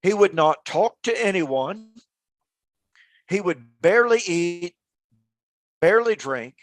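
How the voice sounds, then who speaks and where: A man with a fairly high voice co-hosts a relaxed Bible study chat on a radio show, taking his time as he emphatically tells historical stories that build to loud, dramatic quotes. The recording is dry and close, with no room sound.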